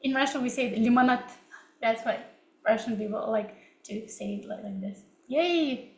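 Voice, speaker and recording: A woman's voice: fairly high pitch, moderate pace, vocal fry. Chatty young woman from Kazakhstan. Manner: chatty, upbeat, laughs often. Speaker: English speaker at a learning session. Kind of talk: casual live teaching talk. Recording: roomy echo.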